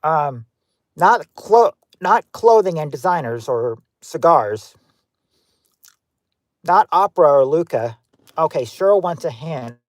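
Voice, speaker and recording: An animated man with a slightly high voice talks slowly and pauses often, with no echo, while hosting a livestream game show. He greets viewers by name and reads their guesses in a loose, chatty manner, peppered with fillers and restarts.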